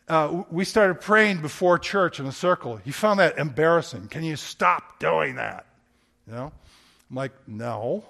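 A man's voice: high-pitched, fairly bright tone. A man, a pastor, preaching a sermon in a conversational storytelling way, asking rhetorical questions.

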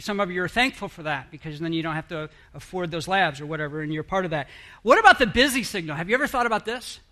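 A man's voice: high-pitched, pushed and bright. A middle-aged man giving a rambling, chatty talk to an audience, often breaking off mid-sentence and putting questions to the listeners. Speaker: speaker addressing an audience.

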